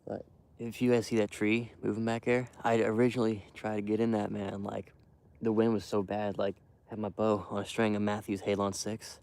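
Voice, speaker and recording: A young man quietly rambling to his live stream while hunting outdoors in the cold wind, full of fillers and restarts. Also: fairly low pitch, flat delivery, moderate pace. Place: outdoors in a windy field edge.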